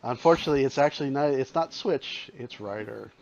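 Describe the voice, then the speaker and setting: A man's voice: medium pitch, brisk, vocal fry, darkish tone. A man running a tabletop game as game master, describing scenes and calling for rolls. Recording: dull lo-fi sound.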